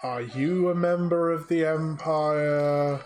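A man's voice: fairly high pitch, steady tone, slow, darkish tone, faint music behind. A man voicing a weary, sarcastic male translator droid in a tabletop game, sighing and exasperated. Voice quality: put-upon, exasperated sighing.

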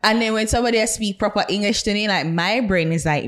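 A young adult woman with a Jamaican accent, co-hosting a podcast in casual chat, animated, blunt and teasing. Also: medium pitch, fairly quick. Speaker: podcast co-host.

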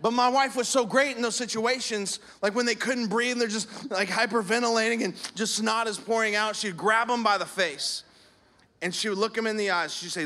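High-voiced pastor preaching conversationally. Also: male voice, steady tone, normal speed, sharp tone. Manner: conversational preaching with acted-out anecdotes. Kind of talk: sermon.

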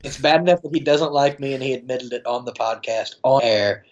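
Appearing as a guest on a podcast, this man speaks briskly in a mid-range voice. The talk is a casual chat full of rambling and frequent playful laughter, captured with dull lo-fi sound quality.

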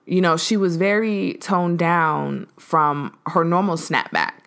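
A woman hosting a podcast, telling a story in a casual, animated way, acting out the voices of the people in it and using lots of fillers. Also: fairly low pitch, takes it slowly, gravelly. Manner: animated, acts out quoted voices, frequent fillers. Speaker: podcast host.

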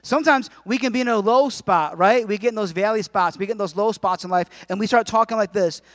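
A man's voice: high voice, fast talker, a bit bright, no echo. A man in his forties preaching a sermon in a conversational way, with jokes and asides to the congregation. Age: 40s. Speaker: pastor.

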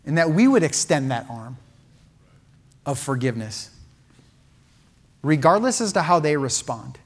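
A man preaching a heartfelt sermon, his voice sitting a little higher than most men's. He swings from loud, emphatic peaks down to hushed, almost whispered lines. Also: sing-song, a little slow. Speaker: pastor.

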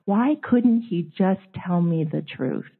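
A woman's voice: lowish voice, takes it slowly, creaky, breathy edge. Confessional woman on a tinny line. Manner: emotional, confessional, quotes others in animated voices. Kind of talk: candid storytelling chat. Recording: tinny phone-line audio.

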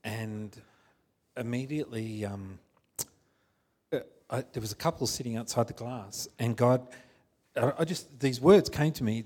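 A husky-voiced man recounts a personal story in a halting, rambling way, restarting his sentences often. It sounds like an unscripted testimony shared in church. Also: mid-range voice, darkish tone. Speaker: congregation member.

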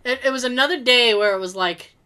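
Woman podcast co-host, bright tone, lively storyteller who quotes people. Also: on the high side, fast talker. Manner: animated, laughing, acts out quotes. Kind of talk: casual storytelling chat.

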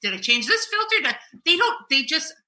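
A middle-aged woman chats on a podcast with a very bright, ringing tone. She tells exasperated stories at an animated clip and swears as she goes. Her voice sits a little high. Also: a little fast. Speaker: podcast co-host. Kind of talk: casual chat.

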